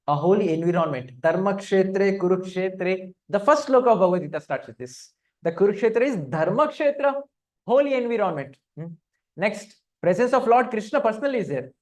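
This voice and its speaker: A man's voice: high voice, a little mellow. A man leading a scripture study class. He talks interactively, asks his listeners questions and often hums between points. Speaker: spiritual teacher.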